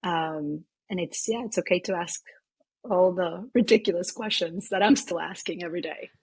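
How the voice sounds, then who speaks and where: Husky lowish woman from venezuela, rambly heartfelt story, dry close sound. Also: normal speed, dry recording. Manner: warm, rambling, many "you know" fillers. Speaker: optometrist and practice owner, guest. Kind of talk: emotional personal storytelling in an interview.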